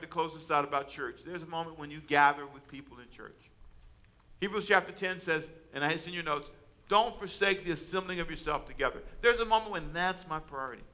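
A man's voice: on the high side, pushed and bright. A man preaching a sermon as pastor, conversational and humorous, calling out to his congregation for responses.

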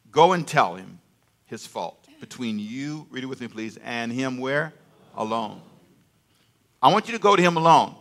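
Older preacher with a bright, forceful voice. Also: male voice, mid-range voice, vocal fry. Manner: call-and-response preaching, asks congregation to answer aloud; conversational, repeats phrases for emphasis. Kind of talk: sermon.

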